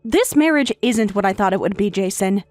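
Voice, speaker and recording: A woman's voice: mid-range voice, lively intonation, brisk, darkish tone, no echo, faint music behind, close to an everyday voice. Synthetic woman voice as a defiant young wife. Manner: firm, pointed replies. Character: tired young wife pushing back firmly. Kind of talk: text-to-speech story reading.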